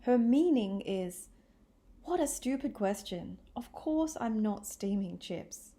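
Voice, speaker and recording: A woman teaching an English lesson, speaking in a clear, deliberate way and demonstrating different tones of voice. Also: on the high side, animated, warm tone. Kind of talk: scripted lesson narration.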